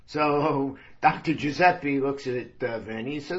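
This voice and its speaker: A man telling a story in a slow, easygoing yarn-spinning way. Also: mid-range voice, highs cut off.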